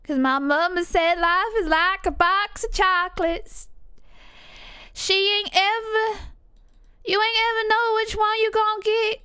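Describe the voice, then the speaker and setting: A woman voicing a simple, earnest Southern American man with a slow drawl. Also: extremely high pitch, fairly even intonation, dry recording, studio quality, voice pushed up.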